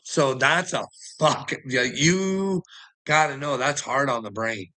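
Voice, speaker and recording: A man's voice: medium pitch, unhurried, bright, forceful tone, rough recording. A man ranting in a casual chat to a friend, agitated and heavy on profanity, laughing often between lines. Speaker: person telling his story.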